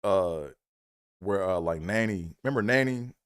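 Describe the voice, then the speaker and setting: A man's voice: low voice, unhurried, smooth. Man telling a profane comic story. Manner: profane, animated, acts out quotes in a raised voice. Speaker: comedic storyteller. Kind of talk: casual storytelling monologue.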